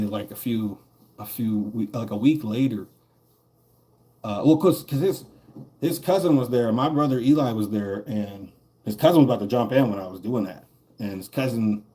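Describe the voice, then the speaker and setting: A man's voice: mid-range voice, mellow. A man streaming a game while telling a story in a casual, profane, rambling way, laughing between lines.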